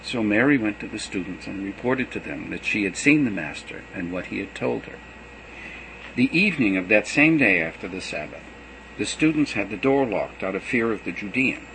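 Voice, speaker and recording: A man giving an expressive, dramatic reading of scripture. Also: on the low side, normal speed, gravelly, a little hiss or hum, low-quality recording. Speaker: scripture reader.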